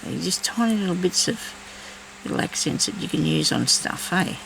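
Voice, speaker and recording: A woman's voice: lowish voice, normal speed, vocal fry, fairly bright tone, a little hiss or hum, low-quality recording. A woman chatting casually while she crafts, thinking aloud and talking to herself as she works. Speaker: crafting vlogger.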